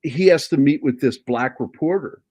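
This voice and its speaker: A man's voice: medium pitch, moderate pace, a little mellow, breathy edge, dull audio. A middle-aged man, a comic artist, chatting casually about his work in a rambling way, with frequent restarts and casual swearing. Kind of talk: casual chat.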